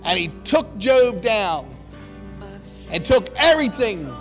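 A male preacher delivers a sermon in a conversational, storytelling way, leaning on emphasis. His voice sits high and he speaks slowly. Soft music runs underneath. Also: big pitch swings.

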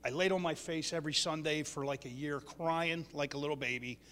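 A man with a slightly raised pitch gives a personal testimony at a church meeting, keeping his sentences short and earnest. His voice carries a long reverb from the hall. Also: steady tone, a little fast, a bit bright, a little hiss or hum. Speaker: church member sharing a testimony.

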